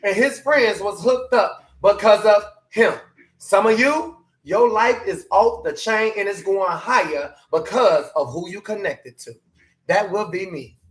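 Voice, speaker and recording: A man preaching a motivational sermon, animated and hollering, his voice climbing higher as he makes his point. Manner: voice climbs high when emphatic.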